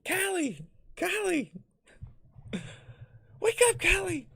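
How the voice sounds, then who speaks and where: A man voicing a frantic young woman friend, yelling and shrieking in panic to wake someone up. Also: very high-pitched, sing-song, racing, gravelly, voice pushed up, full character voice.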